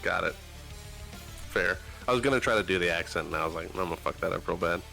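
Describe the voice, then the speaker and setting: A man with a very low voice and a bright, forceful tone reacts to the news in a loose comedy chat. He answers bluntly and swears freely, jumping in on his co-host's stories. Faint music runs underneath him. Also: fast, gravelly. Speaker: podcast co-host.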